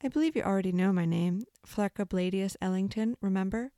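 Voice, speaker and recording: A woman voicing a calm, gentle otherworldly woman who speaks smoothly and reassuringly. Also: mid-range voice, a little fast, no room sound, studio quality, natural voice. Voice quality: smooth and clear. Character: calm, gentle woman spirit with a slight accent.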